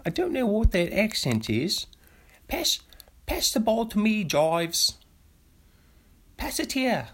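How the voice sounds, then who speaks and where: Man putting on a high fussy toff voice, squeaky falsetto, dainty, fretful, posh gentleman player. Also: huge pitch swings, takes it slowly, long pauses, husky, full character voice. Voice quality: shrill, fussy put-on upper-class voice. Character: prissy, posh gentleman ballplayer in a top hat.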